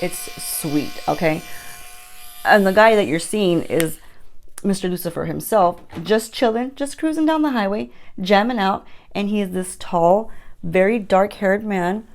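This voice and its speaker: A woman's voice: mid-range voice, vocal fry, a little mellow. A woman beauty vlogger telling a rambling, chatty storytime with playful asides, recorded on her phone at home at night. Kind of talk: casual storytime chat.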